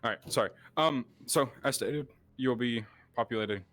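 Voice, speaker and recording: A man acting as game master, giving halting, casual instructions to players in a roleplay session. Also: mid-range voice, a bit bright, no echo. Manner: halting, with many fillers and restarts.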